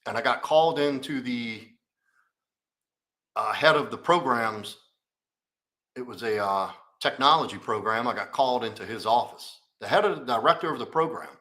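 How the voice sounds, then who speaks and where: A man tells a long personal story on a live Q&A stream, candid and full of swearing. His voice is bright and forward at an ordinary pitch. He rambles and circles back as he talks. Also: moderate pace. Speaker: coach.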